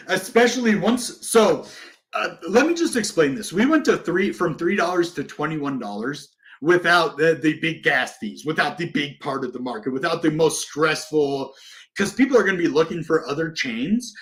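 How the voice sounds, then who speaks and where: A man hosting a crypto livestream and talking straight to his viewers. His voice sits a little high, and he gets excited and passionate, jumping between loud bursts and quieter asides. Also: normal speed. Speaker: crypto channel host. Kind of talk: casual livestream talk.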